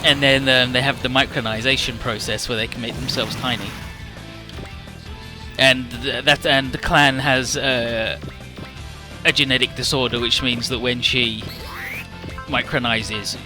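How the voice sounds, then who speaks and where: A man's voice: mid-range voice, steady tone, measured pace, long pauses. A young man streaming a game, rambling casually and profanely about the story over game music. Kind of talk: casual gaming commentary.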